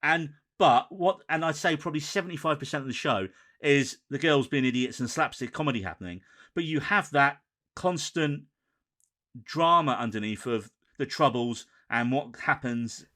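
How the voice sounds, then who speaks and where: A man's voice: on the high side, lively intonation, moderate pace, sharp tone. A man co-hosting a podcast, chatting casually and leading the conversation with enthusiasm. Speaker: podcast co-host. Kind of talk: casual chat.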